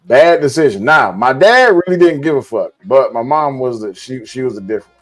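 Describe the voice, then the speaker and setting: Animated, swearing male storyteller. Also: mid-range voice, a little fast. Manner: animated, profane storyteller who acts out quotes. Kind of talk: casual storytelling chat.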